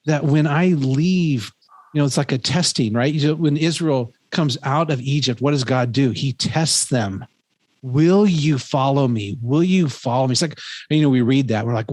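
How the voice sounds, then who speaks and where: There's no room sound as a professor and podcast host in his fifties, with a mid-range, darkish voice, tells a story casually. His earnest telling rambles, packed with fillers and restarts.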